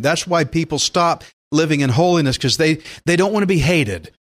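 Man, pastor, sermon, fairly high voice, animated, loud emphatic bursts, acts out quoted prayers. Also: quick pace, few pauses.

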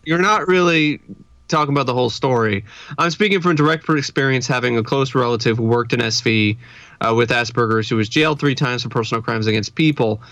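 Casting note: man, loose and rambling, quick to laugh, close, dry-sounding mic. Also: medium pitch, a bit bright, no echo. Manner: laughs often, rambling, self-deprecating. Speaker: podcast co-host. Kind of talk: casual chat.

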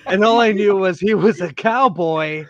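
A man's voice: high voice, moderate pace, muffled recording, a crowd in the background. A man who creates comics, guesting on a podcast and telling laid-back anecdotes in which he acts out the dialogue. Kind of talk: casual chat.

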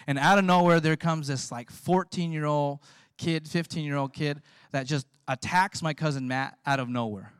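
A man preaching a sermon as the pastor, telling lively stories and laughing as he goes. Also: fairly high pitch, normal speed, clear, resonant tone, no echo. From California. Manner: storytelling, animated, laughs often.

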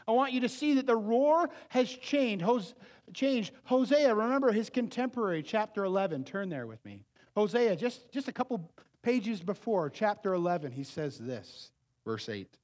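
A man preaching a sermon as pastor, moving between loud emphatic peaks and hushed, low asides. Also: very animated, moderate pace. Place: church sanctuary. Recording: long church hall reverb.

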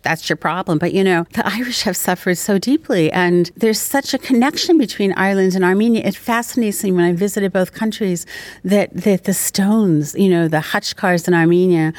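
A woman's voice: medium pitch, moderate pace, a little mellow. A woman who teaches education at a university, talking earnestly and passionately in an interview, often restarting her sentences. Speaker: education professor, interview guest. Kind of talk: reflective conversational interview.

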